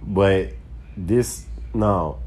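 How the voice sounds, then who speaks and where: A man's voice: deep voice, drawn-out words, a little mellow, husky. A man, a stand-up comedian, telling a loose, rambling story in casual talk full of profanity and "like".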